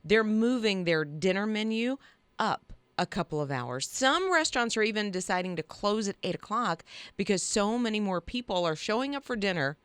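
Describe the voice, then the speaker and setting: A woman co-hosting a morning radio show, chatting in an animated, storytelling way. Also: mid-range voice, normal speed, clear, resonant tone, no echo. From Ohio, moved South as an infant. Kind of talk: casual radio chat.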